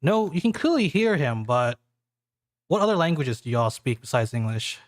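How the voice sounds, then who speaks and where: A man's voice: fairly high pitch, big pitch swings, normal speed, no room sound, studio quality. A man narrating a tabletop game as game master, with loose, chatty phrasing full of fillers.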